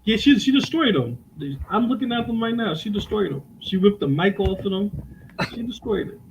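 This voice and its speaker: A man's voice: high voice, a little fast, vocal fry, noisy background. A middle-aged man, telling stories in a casual chat at home on cheap headphones. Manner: animated storytelling, swearing freely. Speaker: podcast co-host. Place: home, indoors. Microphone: cheap headphones with mic.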